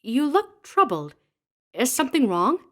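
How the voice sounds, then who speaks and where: A man's voice: very high voice, wildly swooping pitch, measured pace, voice pushed up, exaggerated voice. Man putting on an eager young woman. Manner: bright, eager, gushing. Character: young woman, excited and affectionate fiancée.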